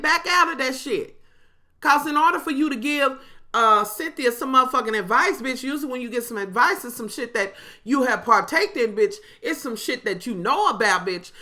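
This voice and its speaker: Sassy, profane sounding woman. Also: fairly high pitch. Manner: sassy, profane, animated, addresses viewers as y'all; breaks into mocking impressions of others. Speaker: reality TV recap vlogger. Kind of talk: casual profane recap monologue.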